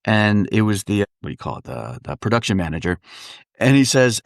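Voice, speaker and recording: A man's voice: lowish voice, a little fast, vocal fry, dry recording, clean studio sound. A man from Wisconsin, a dialect coach, telling stories as a guest in a casual interview. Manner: animated, comic storyteller, fond of voices.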